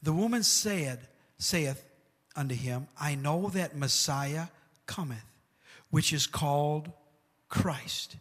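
A man preaching a sermon with animated asides like "come on" and "amen," retelling scripture stories in a casual voice. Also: fairly high pitch, slow. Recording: long hall reverb.

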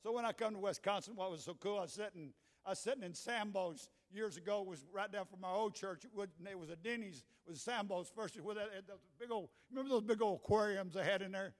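A man in his sixties with a Southern US accent, preaching a Pentecostal sermon as pastor, moving from quiet storytelling to shouted preaching in a church. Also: sits high, fast talker, hardly any pauses. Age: 60s. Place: church sanctuary. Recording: echoey hall with long reverb.

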